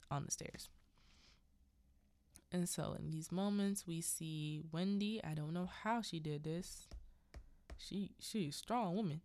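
A woman's voice: sits low, no echo. A woman hosting a podcast who recaps a film in a casual, rambling way, full of unsure asides. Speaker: podcast host.

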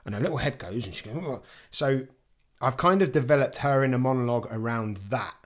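A man's voice: medium pitch, fast talker, a little hiss or hum. A man hosting a podcast in casual chat, joking and laughing often. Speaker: podcast host.

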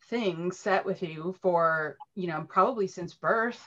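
A woman's voice: on the low side, measured pace, a bit bright. A woman interviewing a guest, supportive with short responses. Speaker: host. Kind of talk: interviewer in conversation. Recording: muffled distant sound.

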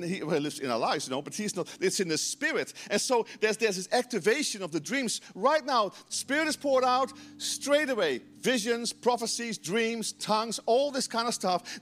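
A man preaching a lively sermon as pastor, acting out quoted voices with emphasis. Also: high-pitched.

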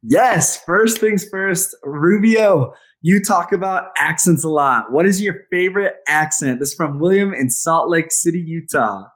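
A man with a fairly high voice co-hosting a podcast. He talks in an upbeat, enthusiastic way, reading listener questions and answering them. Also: unhurried, a bit bright. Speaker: co-host. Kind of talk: casual podcast chat.

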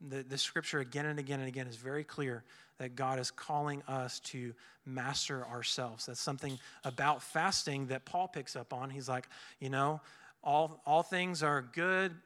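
Bright-voiced young man preaching casually. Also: medium pitch, steady tone, moderate pace. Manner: earnest, casual, many fillers and restarts. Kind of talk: conversational sermon.

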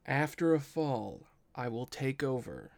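Game master, male, slow gravelly narration. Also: medium pitch, animated.

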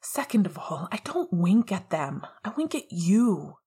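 Woman reading as a desperate, heartbroken young man, raw pleading delivery, husky, storybook audio. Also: lowish voice, sing-song, unhurried, dark tone, full character voice.

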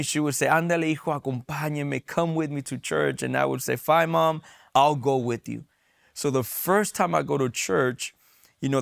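A man's voice: medium pitch, gravelly, a bit bright. A young man from San Diego sharing a personal testimony in an earnest storytelling way, stumbling over repeated words at times. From San Diego, USA. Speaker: testimony guest.

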